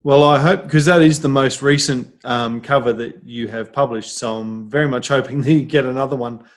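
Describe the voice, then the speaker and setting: A man hosting a podcast in casual chat, lively and teasing, laughing easily. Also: mid-range voice, moderate pace. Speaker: podcast host.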